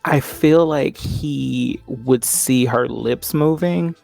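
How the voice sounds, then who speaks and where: A player in a tabletop role-play game, answering questions in a calm, reflective way. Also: mid-range voice, slow pace, creaky, soft background music. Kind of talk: casual in-character game talk.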